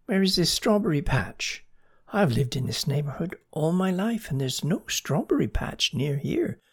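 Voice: mid-range voice, sing-song, a little slow, vocal fry, breathy edge, exaggerated voice. A storyteller voicing a stern, suspicious female snail in a children's story. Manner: suspicious, scolding. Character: stern fussy female purple-banded snail.

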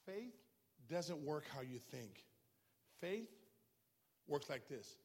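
A man preaching a sermon in a church, impassioned, swinging from quiet talk to shouting. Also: a little high, big pitch swings, slow, husky, in a large hall.

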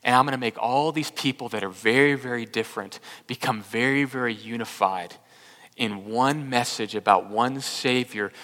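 A man from Texas, preaching a sermon as pastor, stumbling and repeating words, swinging from loud emphasis to hushed tones. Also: mid-range voice, moderate pace, in a large hall.

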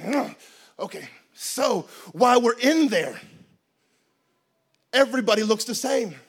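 A man preaching a sermon in a lively, comic storytelling way, with bursts of shouting. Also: very high-pitched, unhurried.

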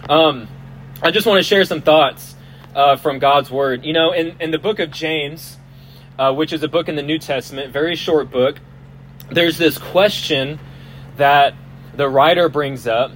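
A man's voice: on the high side, measured pace, a bit bright, poor audio. A man preaching a casual, joking sermon at an outdoor festival, often restarting his words. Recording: outdoor recording, faint hum and passing vehicles.

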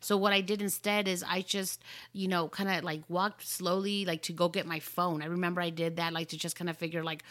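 A woman hosting a podcast, telling a story in casual chat with lots of animated "like" fillers. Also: fairly low pitch, fairly quick, hardly any pauses. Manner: animated, fills talk with "like". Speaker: podcast host.

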